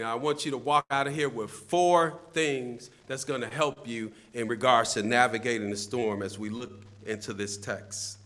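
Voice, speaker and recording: A man delivering a sermon as a deacon, with a bright, forceful tone that sits a little high. He swells into loud, emphatic bursts on his key points, repeats and restarts words, and jokes with the people in front of him. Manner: emphatic, rising to loud peaks on key phrases. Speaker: deacon preaching.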